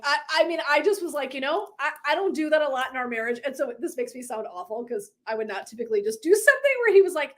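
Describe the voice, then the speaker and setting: A woman's voice: sits high, fast talker, few pauses. A middle-aged woman wellness coach chatting casually on a live stream, telling a story with frequent laughter. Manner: bubbly, laughing often, animated storytelling. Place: indoors at home, seated in a chair.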